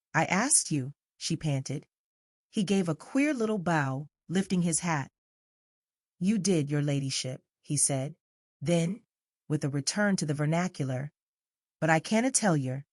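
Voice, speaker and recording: A woman audiobook narrator reading a classic novel in a measured, even way. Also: deep voice, no room sound, studio quality. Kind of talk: scripted literary narration.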